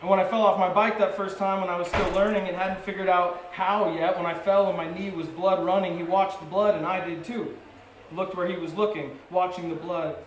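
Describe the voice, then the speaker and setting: Brief: man, poet at a live reading, fairly high voice, measured phrasing, roomy venue sound. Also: slight background noise. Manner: measured, short-phrased delivery with rising intensity. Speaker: poet reading his work. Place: coffee shop and bar venue.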